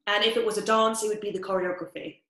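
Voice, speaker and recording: A woman's voice: mid-range voice, fairly even intonation, fast, a bit bright. A woman patiently explaining in a casual, scripted educational chat. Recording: roomy echo.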